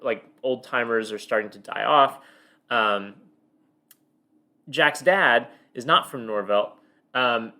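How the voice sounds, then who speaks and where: A man's voice: mid-range voice, sharp tone. A man co-hosting a book podcast in a casual chat, talking in long loose sentences full of fillers and restarts. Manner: rambling, many fillers and restarts. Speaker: podcast co-host.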